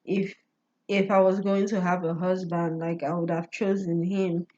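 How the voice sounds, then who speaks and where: A woman's voice: fairly low pitch, level tone, normal speed, mellow. Chatty woman vlogger, muffled audio. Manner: keeps asking "you get what I'm saying?", often laughs; stammers and restarts words. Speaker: astrology vlogger. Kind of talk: casual personal storytelling monologue.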